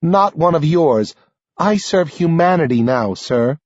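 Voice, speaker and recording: A firm female agent speaking in a clipped, proud way, as a male narrator puts her on. Her voice is pitched above the narrator's own and has a husky edge, in a dull, dry recording. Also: lively intonation, a little slow, darkish tone, no echo.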